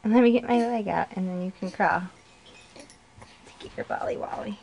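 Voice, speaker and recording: A woman's voice: medium pitch, normal speed, gravelly, darkish tone, a little hiss or hum. A mother filming a home video, talking to her baby in a coaxing, sing-song way.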